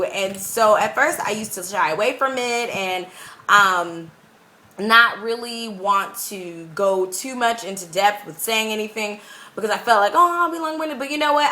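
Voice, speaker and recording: A young woman teaching English abroad, chatting to her camera in a rambling, animated way. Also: on the high side. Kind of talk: casual talking-head vlog. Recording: echoey room.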